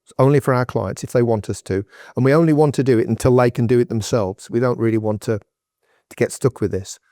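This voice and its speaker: A man's voice: medium pitch, fairly quick, dark tone, no room sound, studio quality. A man being interviewed on a podcast, giving advice in a direct, emphatic, conversational way. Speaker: guest entrepreneur.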